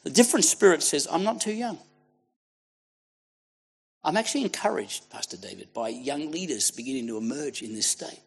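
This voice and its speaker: A man's voice: fairly high pitch, sing-song, normal speed, vocal fry, long pauses, breathy edge, soft background music. Fervent Australian man preaching. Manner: fervent, exhorting, swings from hushed to shouting. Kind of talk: sermon.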